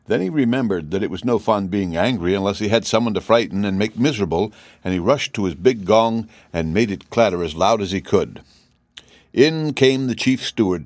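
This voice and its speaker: Low-voiced man narrating a storybook. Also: dry recording. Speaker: audiobook reader.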